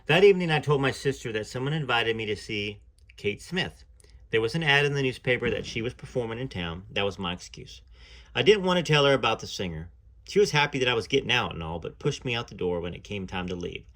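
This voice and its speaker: A man reading a first-person story aloud in a measured way, now and then pausing to add his own asides. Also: medium pitch, expressive, a bit bright.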